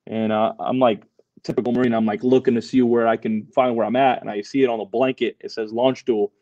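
A man's voice: medium pitch, flat delivery, fairly quick, dark tone, dry recording, dull audio. A young man, a Marine veteran, telling his story as a podcast guest, loose and full of fillers and swearing. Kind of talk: casual storytelling interview.

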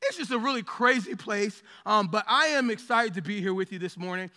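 A man preaching a sermon, impassioned and rising to shouts, with joking asides to the congregation. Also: high voice, lively intonation, fairly quick. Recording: long hall reverb.

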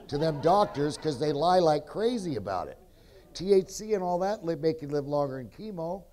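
Jokey rambling man, warm mellow tone. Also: a little high, lively intonation, brisk. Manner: jokey, keeps interrupting, blunt and rowdy. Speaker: testimony speaker at a convention. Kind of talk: rambling storytelling testimony. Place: convention stage before an audience.

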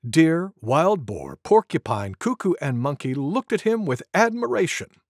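A narrator reading a picture-book story aloud for toddlers, animated and slow. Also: medium pitch, no echo, studio quality.

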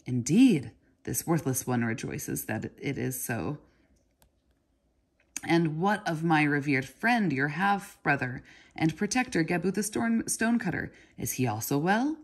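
A woman's voice: sits low, animated, measured pace, breathy edge, full character voice. A woman reading aloud voices a fawning male Babylonian porter with a reedy, hissing voice and oily manner. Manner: oily and ingratiating.

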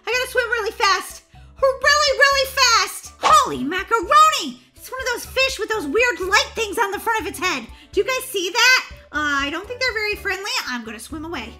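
Woman voicing a very high, bright, bubbly girl, squealing and giggly, game roleplay, faint music. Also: sing-song, moderate pace, exaggerated voice. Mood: frantic. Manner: squealing, giggly, breathless exclamations. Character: bubbly, excitable young girl on vacation. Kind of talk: roleplay voiceover for a block-game video.

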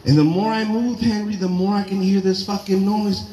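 High, lively stand-up comic in an echoey garage. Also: male voice, moderate pace, background noise. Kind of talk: stand-up comedy set. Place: garage show with live audience. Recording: roomy garage with crowd laughter.

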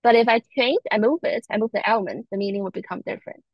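A woman from Taiwan with a Taiwanese Mandarin accent, a native Mandarin speaker giving a language lesson and slowly repeating example words. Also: medium pitch, no room sound, muffled recording. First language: Mandarin Chinese. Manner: slow, careful repetition of example words. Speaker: Chinese language instructor.

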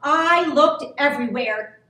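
A woman's voice: high-pitched, slow, sharp tone, full character voice. A woman voicing a middle-aged male farmer calling out in a sing-song way. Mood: matter-of-fact. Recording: roomy, from a distance.

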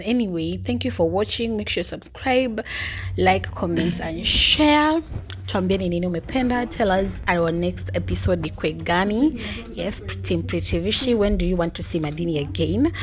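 A young woman with a Kenyan accent chatting casually in a vlog, bubbly and quick to laugh, switching between English and Swahili. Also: lowish voice, animated, noisy background. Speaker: vlogger.

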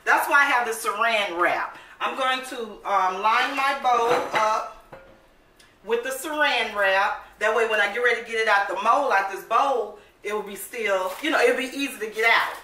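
A bright, high-voiced woman talks chattily to her viewers from a home kitchen, excited and friendly. She sits away from the mic, so her voice rings in a roomy echo with a faint hiss under it. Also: recorded from a distance. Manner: chatty and upbeat, calls viewers "baby"; excited, admits talking fast. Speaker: cooking channel host. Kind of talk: casual cooking vlog chat.

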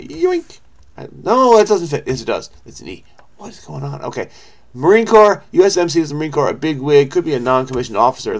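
A man's voice: mid-range voice, gravelly. A man hosting a crossword video, thinking aloud in a frenetic way and often muttering or trailing off as he works through the clues. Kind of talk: thinking aloud while solving a puzzle.

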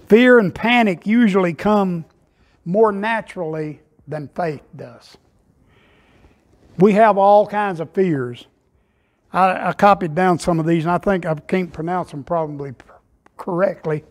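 A man preaching a sermon, telling humorous stories in a folksy way. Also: sits high. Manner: folksy storytelling, Southern phrasing. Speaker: pastor.

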